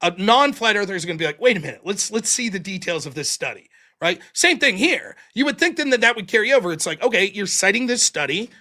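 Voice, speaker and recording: Male call-in host, lively high delivery, breaks into little voices for quotes. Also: quick pace. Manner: animated, acts out quotes in voices. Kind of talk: casual live-stream call-in talk.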